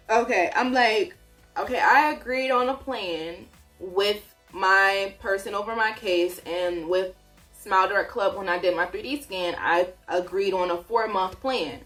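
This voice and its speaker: A woman's voice: medium pitch, a little slow, fairly bright tone, faint music behind. A woman vlogger telling a story in a casual way, acting out her own reactions as she goes.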